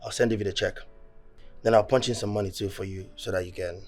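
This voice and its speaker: An actor with a Nigerian accent playing a wealthy boss who is later paralyzed and pleads weakly for help. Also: male voice, fairly low pitch, fairly even intonation, a little mellow, natural voice. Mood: approving. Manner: measured praise, then weak pleading. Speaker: company owner, later bedridden patient. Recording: film soundtrack with faint music.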